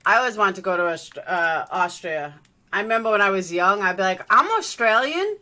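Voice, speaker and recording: A woman hosts a livestream, chatting loosely while reacting to a live news feed. Her voice sits on the low side and sounds brisk, bright, and forceful.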